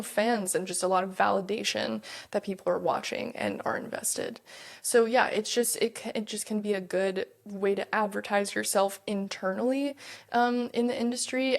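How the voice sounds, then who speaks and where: A young woman guest on a music podcast, talking casually about her career. Her voice has a gravelly fry at the ends of phrases. She is chatty and animated. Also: mid-range voice. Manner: chatty, animated, laughs often. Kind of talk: casual interview chat.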